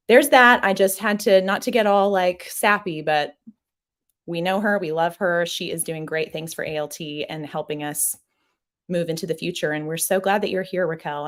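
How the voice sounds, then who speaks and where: A young adult woman hosts a casual live stream from a small office. Her voice sits a little low, but she talks in a bubbly, gushing way and reads viewer comments aloud. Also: fairly bright tone. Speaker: host.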